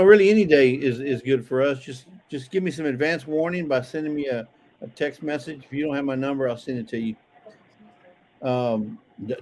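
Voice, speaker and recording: A man's voice: mid-range voice, a little mellow, slight background noise. A man casually chatting on a livestream, reading out viewer comments, joking, and talking with frequent restarts. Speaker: livestream co-host.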